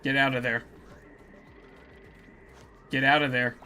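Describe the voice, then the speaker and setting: A game streamer giving live gameplay commentary, swearing and yelling in exasperation at in-game characters. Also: mid-range voice, level tone, slow, long pauses, clear, resonant tone, soft background music.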